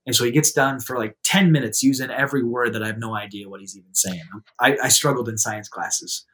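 A man telling a personal story in a relaxed, conversational way, acting out quotes and turning soft in serious moments. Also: fairly quick. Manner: lively anecdotal telling, acts out quotes in a raised voice; laughs easily, drops to a soft low voice in serious moments. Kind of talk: casual storytelling.

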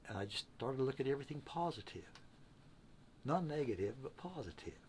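A man's voice: medium pitch, big pitch swings, brisk, darkish tone, a little hiss or hum. A man telling a long personal story in casual conversation, in a plainspoken, earnest way that often stops to repeat and restart his words. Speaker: interview guest.

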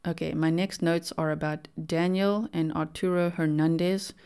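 A woman's voice: fairly low pitch, dark tone, smooth. A young adult woman hosting a podcast, giving casual, opinionated commentary with lots of "like" fillers. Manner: chatty, opinionated, many "like" fillers. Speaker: podcast host.

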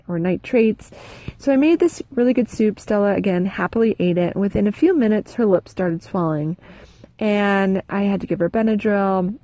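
Mom podcaster, gravelly voice, dry close sound, just chatting through a story. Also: female voice, medium pitch, dry recording, low-quality recording. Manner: candid, conversational, animated retelling. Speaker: podcast host. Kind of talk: personal storytelling.

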